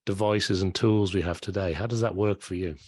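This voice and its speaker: Low-voiced man hosting an interview. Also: steady tone, a little fast, a little mellow, slightly rough. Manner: chatty, asks long questions. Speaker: podcast host. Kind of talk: interview conversation.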